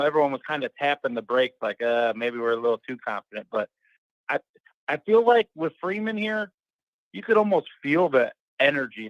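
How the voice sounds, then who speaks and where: A man's voice: on the high side, dry recording. A man calling into a sports talk show, easygoing and hedging his words with fillers. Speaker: caller. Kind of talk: casual call-in chat. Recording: dull dry phone line.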